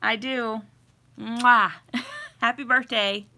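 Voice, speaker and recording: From a home with a fireplace, a middle-aged livestream host draws out her words in a creaky, fairly high voice, leaving long pauses. She laughs a lot, chats casually, and greets viewers warmly while reading their comments.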